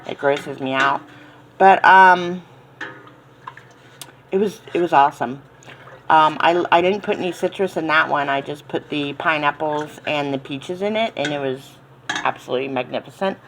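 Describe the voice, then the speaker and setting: A woman's voice: low-pitched, moderate pace, fairly bright tone, slight background noise, rough recording. A woman with a Southern accent chatting casually in her home kitchen, rambling with lots of ums and little laughs. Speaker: home cooking channel host.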